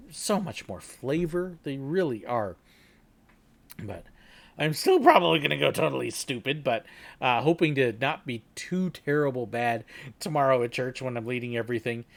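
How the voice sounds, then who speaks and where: A middle-aged man chats from home on a casual livestream, rambling along with plenty of ums and small laughs. His voice sits a little high for a man. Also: a bit bright. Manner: rambling and chatty, with many fillers and laughs. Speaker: livestream host.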